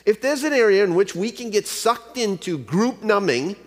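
Lively man preaching in an echoing hall. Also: high voice, normal speed. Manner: keeps asking the listeners rhetorical questions; tells a joke story within the teaching. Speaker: pastor. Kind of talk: sermon. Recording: long hall reverb.

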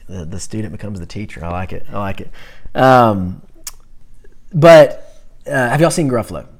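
Low-voiced man teaching a Bible class. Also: normal speed. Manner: animated, conversational, talks with the class.

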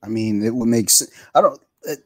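A man's voice: mid-range voice, brisk, no room sound. A man in casual conversation, telling a rambling, profane story and acting out the people on the phone. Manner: rambling storyteller, swears, acts out phone callers. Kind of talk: casual chat.

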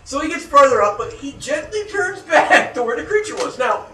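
A man's voice: very high voice, very animated, normal speed, sharp tone, slight background noise. A man telling a story in a casual, profane way, acting out scared reactions as he goes. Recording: echoey room heard from a distance.

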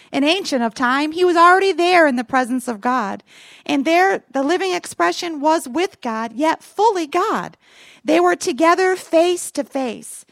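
A woman's voice: high-pitched, gravelly, no room sound. A woman pastor preaching a Christmas sermon, calling on the congregation to repeat after her. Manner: preaching with call-and-response asides to the congregation.

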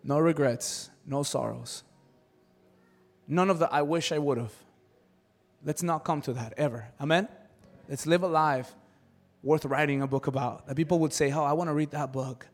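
A man preaching a sermon as pastor, animated, acting out quoted voices in his stories. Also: fairly high pitch, unhurried, long pauses. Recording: long hall reverb.

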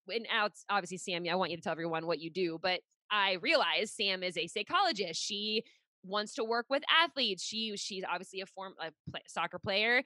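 Young woman podcast host, bright tense voice, dry close sound, enthusiastic, gushing. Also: mid-range voice, dry recording. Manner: enthusiastic, gushing, heavy use of "like". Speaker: podcast host and personal trainer. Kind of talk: casual podcast chat.

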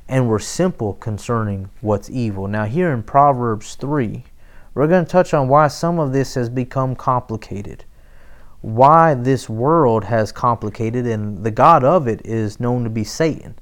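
A man preaching a sermon, emphatic, with soft near-whispered asides. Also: mid-range voice. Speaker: pastor.

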